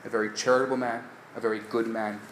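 A man, a rabbi, telling a story in a live lecture, swinging from hushed tones to loud bursts. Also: medium pitch, level tone, fast talker, slight background noise. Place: synagogue lecture hall, live audience. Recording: echoey live room with faint ambience.

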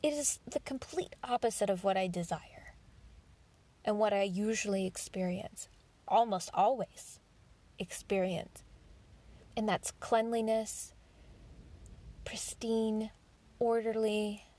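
A woman's voice: medium pitch, slow pace, long pauses, mellow. A woman hosting a podcast, telling a personal story in a candid monologue, swearing freely and acting out her own inner thoughts. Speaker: podcast host.

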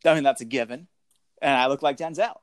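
A man's voice: quick pace, smooth, no echo, studio quality. A man co-hosting a comedic podcast, reading a book aloud and riffing with jokes. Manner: jokey, breaks into high laughs and silly voices. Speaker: podcast co-host. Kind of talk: comedic read-along chat.

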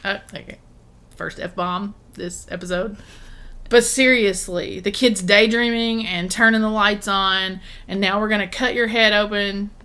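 A woman's voice: medium pitch, steady tone, measured pace, bright, forceful tone, clean tone. A woman co-hosting a podcast, joking, swearing and laughing in casual chat. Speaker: podcast co-host.

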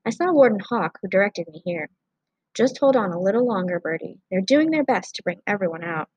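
A woman's voice: medium pitch, animated, brisk, husky, dry recording, dull audio. A woman voicing a kind, reassuring father who is a police officer in an audiobook. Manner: reassuring, gentle. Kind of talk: audiobook character voice.

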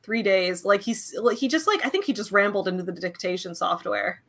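A young woman co-hosting a casual podcast, chatty and quick to laugh, with lots of fillers. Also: mid-range voice, lively intonation, fairly bright tone. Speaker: co-host.

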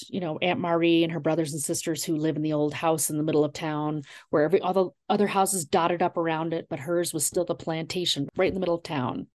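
A middle-aged woman, an author being interviewed, telling family memories in a warm, digressive way with many fillers. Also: lowish voice. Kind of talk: reflective storytelling.

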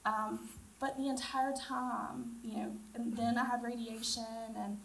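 High-voiced woman giving a testimony. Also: little pitch movement, creaky, slight background noise. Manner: halting, with frequent ums. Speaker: church member giving testimony. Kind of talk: personal testimony. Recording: distant voice over loud music.

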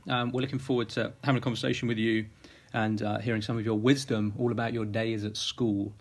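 A man's voice: lowish voice, level tone, a little fast, slightly rough. A male host running a casual interview, friendly and teasing, with lots of fillers. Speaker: podcast host.

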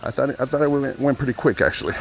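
A man's voice: mid-range voice, racing, vocal fry, slight background noise. A man vlogging casually while out shopping, talking into a phone held to his ear, rambling and swearing freely as he tells a story. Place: inside a large store.

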